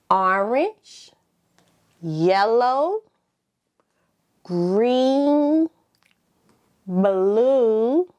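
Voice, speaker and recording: A woman teaching toddlers at circle time, speaking very slowly with long pauses between prompts. Her voice is fairly high and rises and falls in a lively, sing-song way as she encourages the children to repeat after her. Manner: slow, drawn-out prompting with call-and-response pauses. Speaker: preschool teacher.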